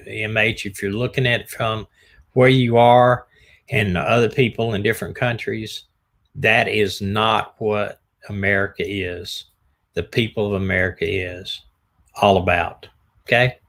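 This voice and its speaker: Low-voiced man hosting a stream. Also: creaky, fairly bright tone. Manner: rambling, unprepared, folksy sign-offs. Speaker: live-stream host, retired detective. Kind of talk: casual live-stream chat.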